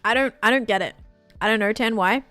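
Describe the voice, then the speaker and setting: A woman's voice: a little high, brisk, a bit bright, no room sound, soft background music. A woman streaming live and chatting casually with viewers, talking in a loose, chatty way with many fillers and restarts and a non-American English accent.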